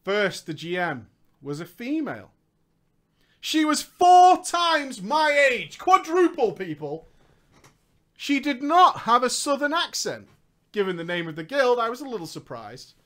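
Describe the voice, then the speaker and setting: Brief: young male storyteller, high bright voice, sarcastic comic delivery. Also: wildly swooping pitch, measured pace. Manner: sarcastic, jokey, laughs often. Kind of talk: comedic gaming storytime.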